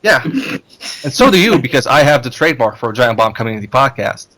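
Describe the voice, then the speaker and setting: A man's voice: mid-range voice, sing-song, fairly quick, fairly bright tone, dry recording. A man co-hosting a casual podcast, joking and swearing in a mock-dramatic way. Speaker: podcast co-host.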